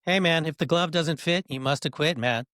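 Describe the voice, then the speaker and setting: A man hosting a podcast in a relaxed way, mostly giving short agreeing replies and joking now and then. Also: fairly high pitch, normal speed, no echo, clean studio sound. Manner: laid-back, brief agreeing replies and joking asides. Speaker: podcast host. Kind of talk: casual podcast conversation.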